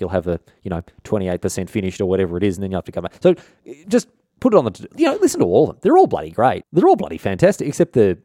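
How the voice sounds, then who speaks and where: A man's voice: lowish voice, warm tone, no room sound, studio quality. A man hosting a comic history podcast, talking in an irreverent, rambling, slangy way and interrupting himself often. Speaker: podcast host.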